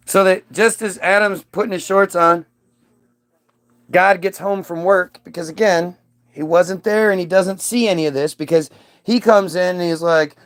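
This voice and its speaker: A man's voice: high voice, normal speed, creaky. Profane, rambling male comedian. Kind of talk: crude stand-up storytelling.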